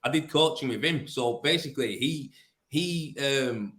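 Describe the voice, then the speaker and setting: A man's voice: medium pitch, measured pace, a bit bright. Broad Yorkshire man in a roomy echo. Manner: blunt, storytelling, lots of fillers and restarts. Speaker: plasterer and business owner. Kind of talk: casual interview chat.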